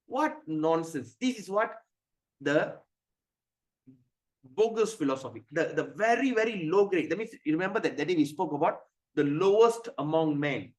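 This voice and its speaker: A man giving a religious class lecture. He asks rhetorical questions and pauses to search for words. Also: a little high, animated. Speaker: spiritual teacher.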